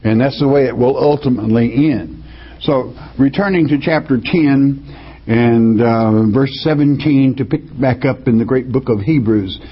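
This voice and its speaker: A man preaching a Bible study, reading verses slowly and then explaining them in plain words. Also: medium pitch, breathy edge. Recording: dull lo-fi recording.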